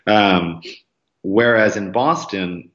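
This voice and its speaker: A marathon runner appears as a podcast guest in a casual interview, rambling with plenty of ums and likes and acting out quoted voices with jumps in pitch. He takes it slowly, with a fairly bright tone, and the recording sounds roomy and slightly dull.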